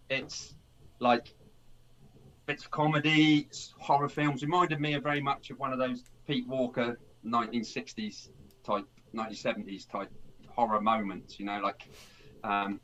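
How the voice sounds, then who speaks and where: A man with a medium-pitched, fairly bright voice is heard on a recording with the highs cut off. Hosting a film podcast, he rambles casually through a plot, keeps restarting, and voices the characters' lines in a laid-back review chat.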